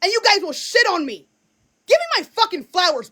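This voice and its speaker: A woman's voice: extremely high pitch, sing-song, normal speed, sharp tone. A young woman livestreaming, ranting angrily and hurling profane insults at her viewers. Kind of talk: live-stream rant.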